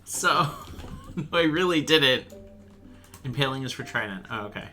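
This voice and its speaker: A young man chatting while he plays a game, telling a rambling, animated story and swearing freely. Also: medium pitch, moderate pace, soft background music. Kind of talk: casual storytelling chat.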